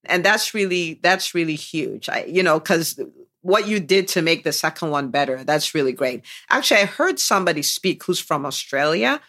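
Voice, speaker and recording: Lively, enthusiastic woman coach host. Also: sits low, moderate pace. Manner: enthusiastic, unpacks and praises guest's points. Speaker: podcast host and business coach. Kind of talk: coaching interview chat.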